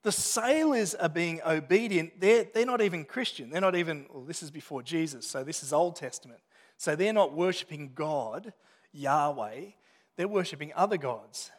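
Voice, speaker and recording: A man's voice: on the high side, animated, moderate pace. A man preaching a sermon as a pastor, talking it through conversationally with restarts and asides. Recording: long reverb of a hall.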